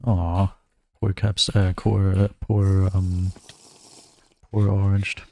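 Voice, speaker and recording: A man's voice: sits low, level tone, slow pace, darkish tone, no echo. A young man from Germany, giving wry, self-mocking running commentary while streaming a game. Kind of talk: casual gameplay commentary.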